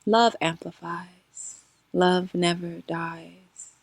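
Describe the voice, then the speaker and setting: A woman's voice: fairly low pitch, extremely slow, no echo. A woman hosting her spiritual channel, telling a personal story casually and expressively, calling her listeners y'all. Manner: expressive, addresses listeners as y'all, laughs often.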